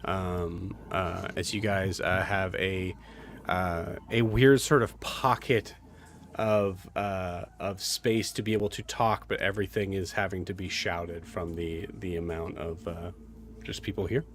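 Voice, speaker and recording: A man's voice: low voice, fairly even intonation, unhurried, slight background noise. A man running a tabletop game as game master, describing scenes in a loose, rambling way full of fillers.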